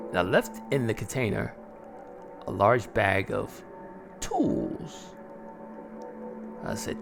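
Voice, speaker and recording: A man narrating a first-person horror story in a gleeful, chuckling, drawn-out way. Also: on the low side, wildly swooping pitch, gravelly, over music.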